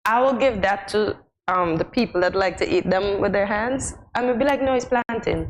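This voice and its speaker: A woman's voice: mid-range voice, moderate pace, poor audio. A woman with a Kittitian accent co-hosting a morning show, teasing and emphatic in casual studio banter. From St Kitts and Nevis.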